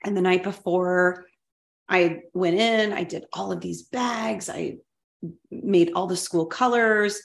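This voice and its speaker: A middle-aged woman talks through an old work story on a casual podcast. Her voice sits a little low, and she is candid and ready to laugh at her own mistakes. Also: slow, vocal fry, reverberant. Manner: candid, self-deprecating, laughs at herself. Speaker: podcast co-host, former school superintendent.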